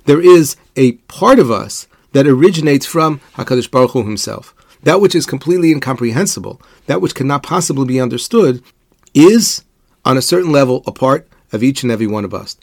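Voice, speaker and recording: Guy teaching a torah class, steady mid voice, quotes, dry close sound. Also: medium pitch, no room sound. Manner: measured explanatory delivery, posing rhetorical questions; weaves Hebrew quotations into English. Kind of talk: religious lecture.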